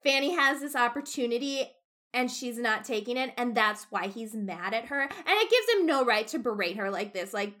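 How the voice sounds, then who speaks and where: A young woman talks through a novel in casual podcast chat. Her voice sits high and sounds bright, and she grows loud and heated when the story upsets her. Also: normal speed. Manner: animated, frequent "like", gets loud when upset. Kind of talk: casual book discussion.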